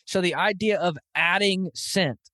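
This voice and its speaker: A man hosting a podcast, telling stories in an animated, casual way, full of "dude" and "like". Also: high-pitched, measured pace, no room sound, studio quality. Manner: animated storytelling, lots of "dude" and "like". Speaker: podcast host. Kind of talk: casual chat.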